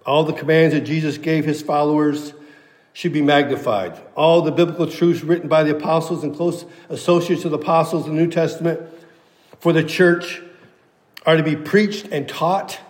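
A man's voice: on the high side, fairly even intonation, normal speed, a little mellow. Man preaching in an echoey hall. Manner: emphatic, repeats key phrases. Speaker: pastor. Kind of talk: sermon.

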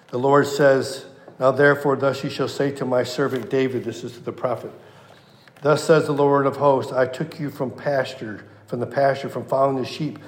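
Male preacher, middle pitch, impassioned sermon delivery with hushed drops, reverberant room. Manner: impassioned, swings from loud to hushed. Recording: echoey room.

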